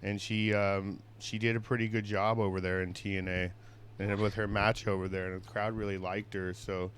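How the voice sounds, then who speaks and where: A man in a casual podcast chat, speaking in a relaxed and matter-of-fact way. He agrees readily and keeps his points plain. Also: on the low side, normal speed, slight background noise. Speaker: podcast co-host. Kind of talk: casual wrestling recap chat.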